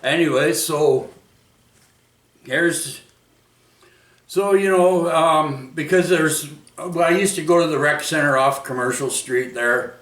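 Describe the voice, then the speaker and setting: Slow, rambling storytelling comes from a Vancouver vlogger at home, his voice a little high and a bit bright. He restarts often and uses interjections like "oi" and "right?". Being far from the mic, he sounds roomy and echoey.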